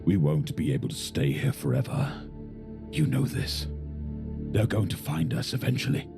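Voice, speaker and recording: An actor playing a grim, defiant male gladiator leader in an animated story, speaking in a resolute, hard manner. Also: low voice, normal speed, music in the background, heavily acted. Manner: gravelly, resolute. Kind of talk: animated narrative voice acting.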